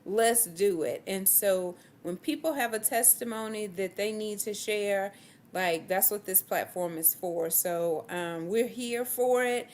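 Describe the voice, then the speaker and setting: A woman with a Southern US accent hosting a relaxed, upbeat live-stream chat. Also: medium pitch, a little hiss or hum. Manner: relaxed and upbeat, slow-paced. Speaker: host.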